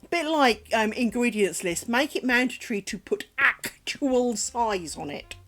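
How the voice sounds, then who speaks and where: A woman's voice: fairly high pitch, expressive, a little slow, a bit bright, faint music behind. A middle-aged British woman streaming from home, chatting casually while she crafts, rambling along with dry humour and plenty of swearing.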